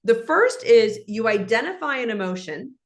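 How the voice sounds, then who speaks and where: A woman guest in an interview, speaking in an animated, instructive way and acting out example conversations. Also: a little high, normal speed.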